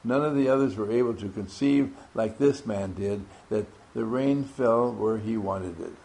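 During a classroom-style workshop, the leader takes roll, naming each person and teasing them good-naturedly. His voice is on the low side, creaky and a little mellow, at a moderate pace.

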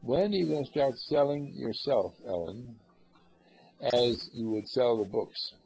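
A man's voice: unhurried, creaky, low-quality recording. A man giving an earnest, rambling spiritual talk to a group, with many fillers. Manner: acts out callers in lively higher voices. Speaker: spiritual teacher.

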